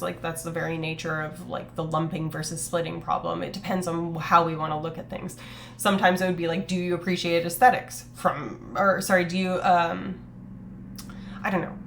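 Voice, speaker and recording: A woman's voice: lowish voice, vocal fry, slight background noise. A woman streamer in casual livestream chat, sniffly with a stuffy nose, rambling and swearing casually as she talks to her chat.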